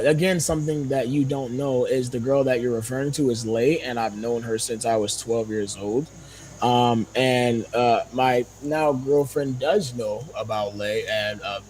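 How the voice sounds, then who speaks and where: A man's voice: medium pitch, darkish tone, slight background noise. A young man, a podcast guest, talking heatedly and indignantly, swearing and firing off rhetorical questions. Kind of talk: heated casual podcast talk.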